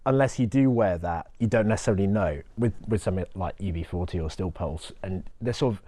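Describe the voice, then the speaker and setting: A man's voice: deep voice, fairly quick, mellow, no echo. A man from Birmingham, a DJ speaking as a panel guest in a casual way full of fillers. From Birmingham, England. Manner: casual, filler-heavy, lots of "like". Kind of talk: panel discussion.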